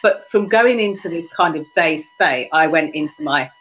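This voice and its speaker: A woman's voice: low voice, normal speed, fairly bright tone, low-quality recording. A woman hosting a podcast interview, telling a personal story in a reflective, conversational way. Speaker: podcast host.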